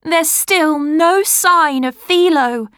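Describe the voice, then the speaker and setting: A woman's voice: high voice, slow, fairly bright tone, no echo, studio quality, voice pushed up. A woman voicing Marcia, a brave but anxious young girl in a storybook, calling out eagerly.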